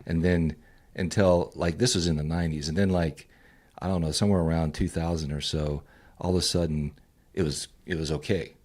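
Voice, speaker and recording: Middle-aged male host, very deep voice, easygoing interjector. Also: steady tone, fairly quick, darkish tone. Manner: encouraging listener, frequent short interjections. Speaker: podcast host. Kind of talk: casual interview chat.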